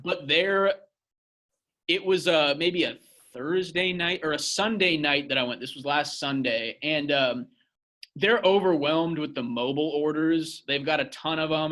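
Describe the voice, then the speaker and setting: Animated, profane young man telling a story. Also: fairly high pitch, normal speed. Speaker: podcast co-host. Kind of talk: casual storytelling.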